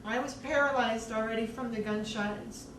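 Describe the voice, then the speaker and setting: A woman earnestly recounting her own story in a measured way, with many pauses. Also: on the high side, fairly even intonation. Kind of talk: personal testimony. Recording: echoey room, distant mic, faint background noise.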